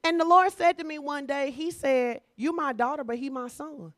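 High-voiced woman preaching, dry sound. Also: moderate pace, dry recording. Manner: conversational preaching, colloquial, teasing. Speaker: pastor. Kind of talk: sermon.

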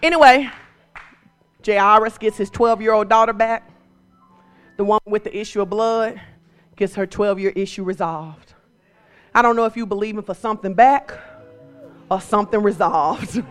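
A woman preacher delivering a sermon, moving from quiet storytelling to shouted exhortation. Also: medium pitch, a little slow, pauses often, clear, resonant tone, soft background music.

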